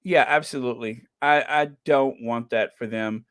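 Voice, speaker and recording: A man's voice: medium pitch, normal speed, a bit bright, smooth, dry recording, studio quality. A man hosting a podcast, chatting casually and reading out viewer comments, with frequent ums and uhs and repeated phrases for emphasis. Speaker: podcast host.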